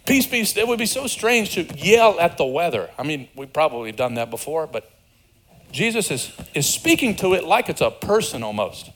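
Animated male preacher, higher voice. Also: normal speed, slight background noise. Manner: animated preacher acting out voices, conversational asides. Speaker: pastor. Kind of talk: sermon.

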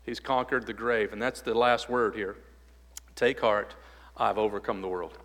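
A male pastor preaching a sermon, rising loud on exhortations and dropping soft and low when he prays. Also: steady tone, moderate pace. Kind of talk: sermon with closing prayer. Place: church sanctuary. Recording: church hall reverb.

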